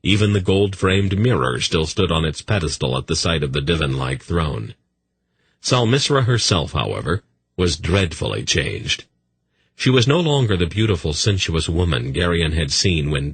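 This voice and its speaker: A man narrating a fantasy audiobook in a measured storytelling manner. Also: very deep voice, animated, fairly bright tone, slightly rough, dry recording.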